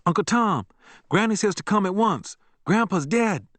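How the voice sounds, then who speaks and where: A man's voice: on the high side, animated, fairly quick, fairly bright tone, no echo, pitched above the performer's own voice. A male narrator voicing an earnest, anxious young boy who pleads and pants. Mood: pleading. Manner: pleading, breathless.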